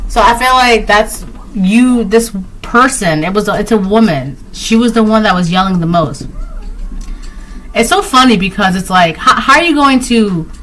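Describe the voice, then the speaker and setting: A woman talks through a tarot reading in an easy, rambling way, looping back on her phrases and leaning on fillers. Her voice is bright and clear and sits at a middle pitch. A faint hiss of noise stays under her voice. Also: animated, normal speed. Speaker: tarot reader. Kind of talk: casual spoken tarot reading.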